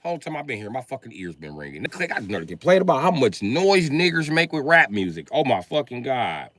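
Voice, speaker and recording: A male comedian rants through a live comic monologue. His voice swings widely, and its tone is bright and forceful. The sound is dry and close, and he acts out loud, profane scenes from everyday life. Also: fairly quick, no echo. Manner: profane, animated storytelling that acts out both sides of conversations; jumps to loud high shouts when acting out scenes.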